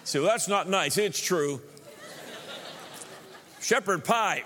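A pastor preaching a sermon in an emphatic, animated way, mixing punchy repetition with joking asides to the congregation. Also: male voice, high voice, slow pace, long pauses, in a large hall, slight background noise.

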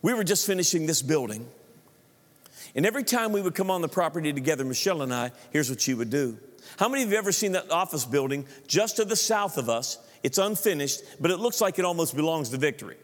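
A middle-aged man preaching a sermon as the pastor, lively, acting out his own inner voice and asking the congregation questions. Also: a little high, fast. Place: large church auditorium. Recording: long reverb of a large church hall.

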